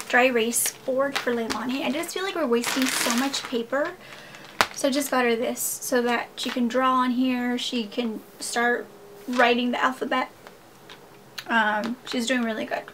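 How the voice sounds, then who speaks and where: Excited young woman vlogger gushing to her viewers, slightly high voice, some noise in the background. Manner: gushing, enthusiastic, addresses viewers as "you guys". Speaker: haul vlogger. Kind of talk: casual chatty haul vlog.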